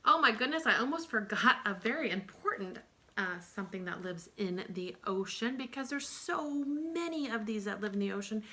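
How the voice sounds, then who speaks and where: Woman, young-adult teacher of early learners; bright tone, sing-song delivery with drawn-out sounds. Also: mid-range voice, animated. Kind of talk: early-years lesson.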